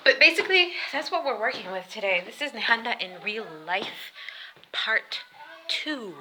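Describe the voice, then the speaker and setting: A woman's voice: fairly high pitch, expressive, normal speed, bright, forceful tone, a little hiss or hum, low-quality recording. A woman chatting casually as she walks through her house, rambling and laughing often. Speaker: vlogger. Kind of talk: casual home tour vlog. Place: house, indoors.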